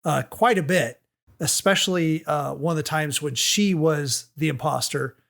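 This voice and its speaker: Gravelly-voiced man chatting on a podcast. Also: fairly high pitch, unhurried, a bit bright. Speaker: podcast co-host. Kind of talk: casual chat.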